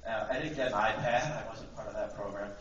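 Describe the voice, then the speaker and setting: Young guy teacher doing standup, lots of um and like, far off mic in a boomy school hall, kinda muffled and hissy. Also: quick pace. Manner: rambling, self-deprecating, full of fillers. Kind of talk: stand-up comedy set. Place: school auditorium. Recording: echoey hall from far off, dull and noisy.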